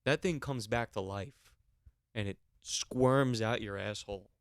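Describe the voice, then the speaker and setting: A man's voice: lowish voice, unhurried, creaky, no room sound, clean studio sound. A man hosting a podcast alone, ranting comically with big jumps into incredulous, raised questions while holding a handheld mic. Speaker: podcast host. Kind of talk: solo comedic rant. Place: alone in a small room.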